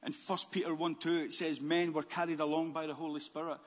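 Husky pastor preaching in an echoey hall. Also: male voice, on the high side, brisk. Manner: animated preaching with stammered restarts, rising to near shouts. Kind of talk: sermon. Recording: dull, long-echo church hall.

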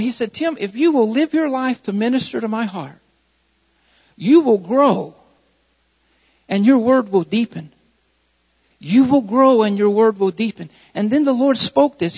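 A man's voice: very high voice, animated, moderate pace, darkish tone, big-room sound, dull audio. A male pastor preaching a sermon, repeating key phrases with rising emphasis.

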